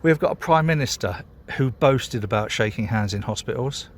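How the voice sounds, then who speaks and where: A bit tipsy after a beer, a British man with a British English accent rants heatedly in a rambling, sweary vlog by a canal. His mid-range voice has lively intonation and a slightly fast pace, with slight background noise.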